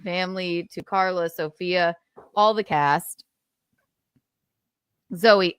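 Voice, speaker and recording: A woman's voice: on the low side, slow pace, clean tone, dry recording. A woman co-hosting a casual comedy podcast, playful and laughing often as she mocks people in exaggerated voices. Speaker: podcast co-host.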